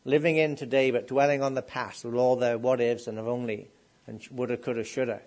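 A man's voice: medium pitch, fairly even intonation, a little fast, a little mellow. A middle-aged man preaching a sermon. He asks the congregation questions and builds up to emphatic declarations.

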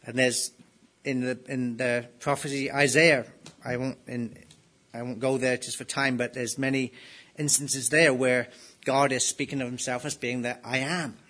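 A man's voice: medium pitch, little pitch movement, normal speed. A man preaching an expository sermon, asking his listeners rhetorical questions and pressing hard on key phrases. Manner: emphatic, rising to loud stresses on key phrases.

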